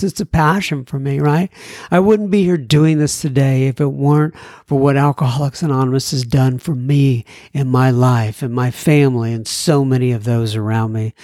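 A man's voice: medium pitch, a little mellow, no room sound, studio quality. A man from the United States hosting a podcast, reading listener messages with a playful, laughing manner and earnest encouragement. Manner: laughs often, playful and teasing. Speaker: podcast host.

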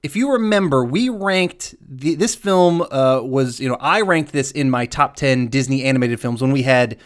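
A man co-hosting a casual podcast, animated and joking, laughing often as he talks. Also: medium pitch, moderate pace. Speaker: podcast co-host.

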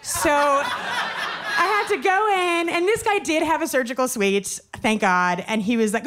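A woman telling a personal story live, in a quick, self-deprecating, chatty way with lots of fillers. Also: sits high, lively intonation, fairly bright tone.

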